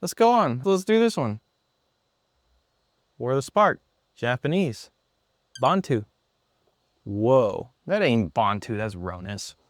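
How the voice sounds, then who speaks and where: A man presenting an app in a product demo, talking excitedly and a bit sarcastically in an indoor room. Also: mid-range voice, slow, pauses often, dry recording.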